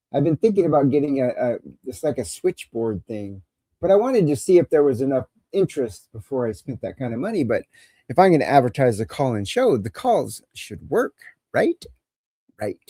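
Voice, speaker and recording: A man hosts a live call-in show, chatting casually in a warm, mid-range voice with big swings in pitch and a moderate pace. He rambles and cracks crude jokes while struggling with technical problems during the livestream. There's no echo on the recording.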